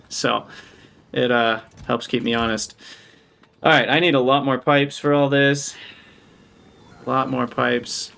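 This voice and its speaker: A man streaming a building game live, thinking aloud as he plans and brightening to greet viewers in chat. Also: medium pitch, flat delivery, measured pace, creaky. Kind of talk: live gameplay commentary.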